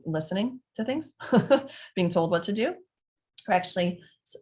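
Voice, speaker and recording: A middle-aged woman parenting coach answering parents' questions, who acts out calming scenes as examples and talks with many fillers and restarts. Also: lowish voice.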